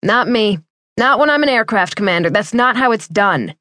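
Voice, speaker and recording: A woman's voice: medium pitch, animated, normal speed, pushed and bright, dry recording, studio quality, pitched above the performer's own voice. A woman playing an earnest young Navy pilot. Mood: insistent. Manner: earnest, insistent.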